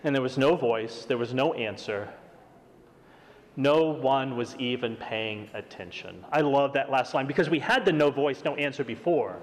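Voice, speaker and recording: A middle-aged man preaching a sermon, reading scripture and acting out the quotes in a lively, high voice. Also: moderate pace. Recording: long hall reverb.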